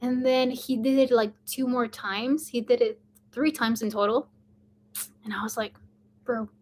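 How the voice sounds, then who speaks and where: Young woman vlogger, high-pitched, chatty with lots of fillers. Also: fairly even intonation, unhurried, a little mellow. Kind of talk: casual storytelling to camera.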